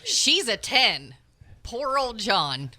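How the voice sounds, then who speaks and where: Bright-voiced female co-host with wry, dry remarks. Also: on the high side, big pitch swings, drawn-out words, dry recording. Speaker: radio show co-host. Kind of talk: casual studio chat.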